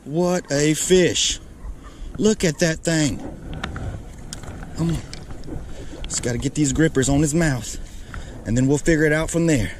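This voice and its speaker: Brief: man fishing vlogger, slightly high voice, unhurried, repeats exclamations, loud outdoor noise. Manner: breathless, keeps exclaiming and repeating himself. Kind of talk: excited outdoor fishing narration. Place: riverbank outdoors.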